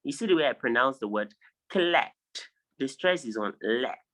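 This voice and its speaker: A man teaching an online phonology lesson on a video call, drilling each word slowly and insistently correcting pronunciation. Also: mid-range voice, expressive, sharp tone, low-quality recording. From Nigeria. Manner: drills words, repeating them slowly for students. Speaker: English tutor.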